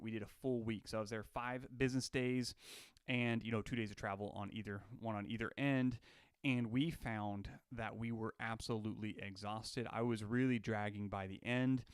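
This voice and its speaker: A man's voice: lowish voice, fairly even intonation, normal speed, clean tone, no room sound, clean studio sound. A young man from Alaska hosting a casual livestream, chatty and jokey, greeting viewers by name. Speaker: livestream host. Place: on his home deck.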